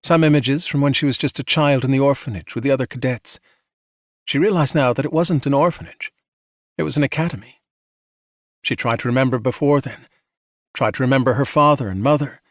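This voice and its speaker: A man narrating a bedtime sci-fi audiobook in a soft, measured, soothing way, with a mid-range voice. The recording is dry and close on a studio mic. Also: medium pitch, no echo.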